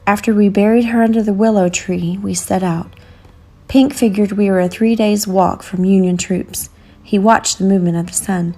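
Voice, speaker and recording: A woman narrates a storybook in an earnest, measured voice. Her pitch sits in the middle of the range. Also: steady tone, warm tone. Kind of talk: storybook reading.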